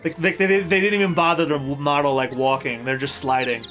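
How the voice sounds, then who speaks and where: A man's voice: fairly high pitch, steady tone, fairly quick, a bit bright, soft background music. Sarcastic man commentating a game. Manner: joking, sarcastic, swears freely. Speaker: let's play host. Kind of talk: casual gameplay commentary.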